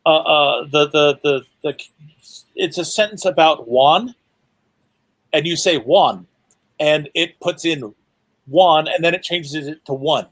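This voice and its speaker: A man guesting on a casual livestream, halting and repeating words, with dry humor. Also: a little high, a bit bright, no echo. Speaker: guest author. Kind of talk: casual chat.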